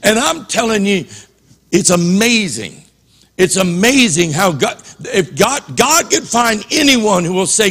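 A man's voice: sits high, big pitch swings, unhurried, fairly bright tone, husky, in a large hall. A man preaching a passionate sermon as a pastor in a church, often repeating and restarting his words.

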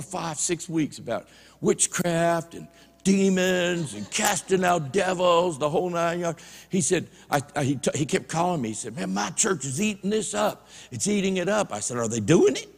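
A man's voice: medium pitch, big-room sound. A man preaching a sermon in a church, telling stories in a folksy way and retelling conversations line by line. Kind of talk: sermon storytelling. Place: church sanctuary.

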